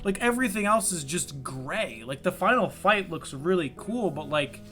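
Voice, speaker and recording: Animated young man, bright voice. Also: high-pitched, moderate pace, faint music behind. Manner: animated, swears a lot, rambling with many fillers. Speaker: podcast co-host. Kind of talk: casual chat. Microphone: remote call mic.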